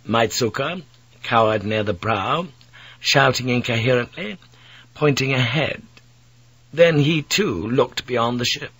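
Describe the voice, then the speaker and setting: Guy reading an audiobook, husky breathy voice, middle pitch, dramatic but measured. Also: a bit bright, no room sound, poor audio. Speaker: audiobook narrator. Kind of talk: scripted audiobook narration.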